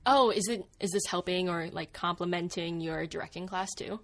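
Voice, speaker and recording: A young adult woman co-hosting a casual talk show, working on her thesis, chatty and quick to laugh. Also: on the low side. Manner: chatty, uses many fillers, laughs often. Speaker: co-host. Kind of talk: casual chat.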